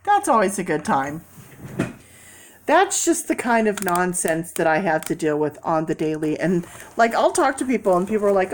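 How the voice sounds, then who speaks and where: A woman vlogging in a casual, animated storytelling way, acting out people in quoted voices and laughing often. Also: on the low side, moderate pace, a little hiss or hum.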